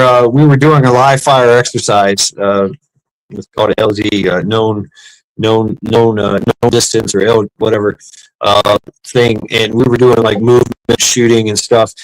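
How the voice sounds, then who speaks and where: A man's voice: mid-range voice, no echo, low-quality recording. A man telling rambling, profane service stories in a casual chat, with many restarts and fillers. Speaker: podcast host, former Marine.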